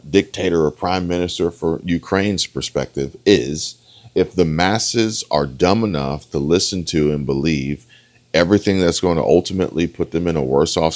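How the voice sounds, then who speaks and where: A man giving emphatic reaction commentary, repeating his points and talking straight to his viewers. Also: very deep voice. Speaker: political commentator.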